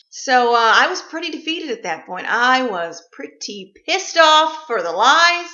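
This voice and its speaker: A woman with a bright, fairly high voice rants bluntly and sarcastically, swearing freely as she vents. The recording sounds echoey and a little dull, as if made in a bare room at home. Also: sing-song, measured pace, few pauses. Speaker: vlogger ranting about gifts. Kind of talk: comic rant.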